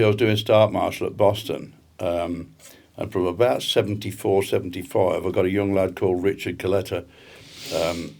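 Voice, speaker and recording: An older man, a podcast guest, telling rambling anecdotes in casual chat, often clearing his throat and chuckling. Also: sits low, darkish tone.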